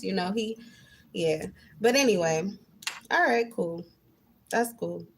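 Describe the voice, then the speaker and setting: A woman's voice: medium pitch, animated, slow pace, gravelly, a little hiss or hum. A woman giving a spiritual card reading in a casual monologue, emphatic and heavily profane. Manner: emphatic and heavily profane, swinging between intense and laughing.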